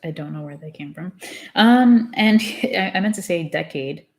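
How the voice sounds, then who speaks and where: A woman's voice: on the low side, lively intonation, moderate pace, a little mellow. A woman reading a self-help book aloud in a casual way, often stumbling over and rereading words and breaking off into candid side comments. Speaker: book reader.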